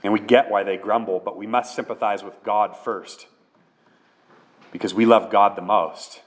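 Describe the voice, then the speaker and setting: A man's voice: fairly low pitch, steady tone, normal speed. A man who is a pastor, preaching a sermon in an earnest, conversational way with many questions.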